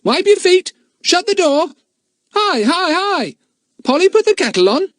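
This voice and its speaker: A man voicing an excitable pet parrot that screeches household phrases in a shrill squawk. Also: unhurried, dry recording, studio quality, heavily acted. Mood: screeching.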